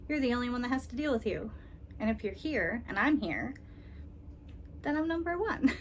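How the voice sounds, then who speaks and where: A woman vlogger talking casually and tenderly, with frequent ums and soft laughs, near tears. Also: on the high side, animated, fairly quick, a little hiss or hum. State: emotional, holding back tears. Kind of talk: casual personal vlog.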